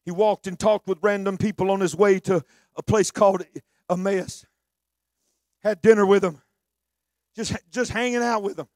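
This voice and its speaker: A man preaching a sermon, shouting fervently at times and dropping to hushed storytelling. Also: high-pitched, fairly even intonation, moderate pace, no room sound.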